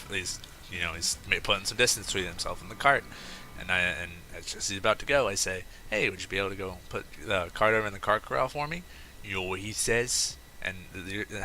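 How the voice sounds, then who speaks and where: A young man with a deep, low voice that still comes across bright and edgy, chatting casually over a video game. He rambles and corrects himself as he tells a wry anecdote between plays, with a faint hum of background noise behind him. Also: poor audio. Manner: rambling, self-correcting, wry and animated when telling a story. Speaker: gameplay commentator. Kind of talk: casual gameplay commentary with storytelling.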